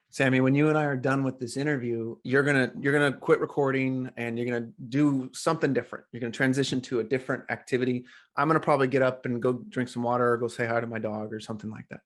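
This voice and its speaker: A middle-aged man, a coach, telling a story as a podcast guest in a lively, animated way. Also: medium pitch. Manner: animated storyteller, acts out quoted voices. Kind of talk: casual storytelling interview.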